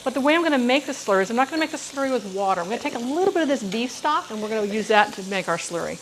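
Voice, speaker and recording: A woman's voice: fairly high pitch, lively intonation, rapid-fire, background noise. A middle-aged woman hosting a live cooking demonstration from her kitchen, chatting and telling rambling stories as she cooks. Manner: rambling, warm storytelling with frequent asides to viewers. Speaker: cooking show host. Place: home kitchen. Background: sizzling frying pan.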